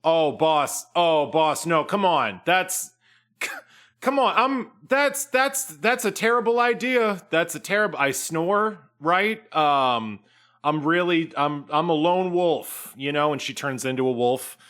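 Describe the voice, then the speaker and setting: A man doing a brash, high-pitched shapeshifter woman. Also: slow pace, fairly bright tone, smooth. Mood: protesting. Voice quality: high, laughing, exasperated. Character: brash young woman shapeshifter, mocking and loud.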